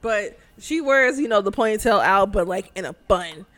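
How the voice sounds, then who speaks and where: A woman co-hosting a casual chat, excitable and swearing freely as she acts out her own reactions. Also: mid-range voice, moderate pace, crowd noise. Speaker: podcast co-host.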